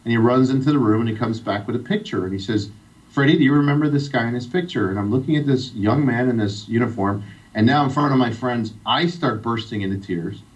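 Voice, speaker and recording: A man's voice: mid-range voice, a little fast. A middle-aged man from Iran telling a heartfelt personal story as a guest on a radio interview. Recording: distant, dull radio sound.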